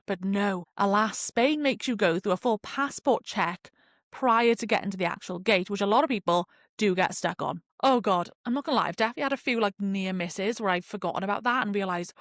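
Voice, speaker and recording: A woman's voice: mid-range voice, a little fast, no echo. Young woman, podcast host, chatty storyteller, dry close sound. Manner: chatty, lively storytelling with frequent laughs and fillers. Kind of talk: casual chat.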